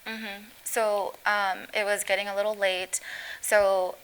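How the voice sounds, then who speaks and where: A middle-aged woman, the mother of an injured teenager, recounting the accident in an interview, halting and breaking up as she speaks. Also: mid-range voice, little pitch movement, a bit bright, clean tone, low-quality recording. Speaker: guest, mother of injured teen.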